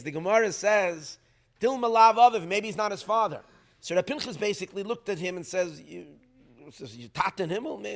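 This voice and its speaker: A middle-aged man with a somewhat high voice gives an unscripted storytelling talk as a rabbi. His delivery is animated and emphatic. He often doubles back, repeating words as he builds a point. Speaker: rabbi teaching at a community gathering.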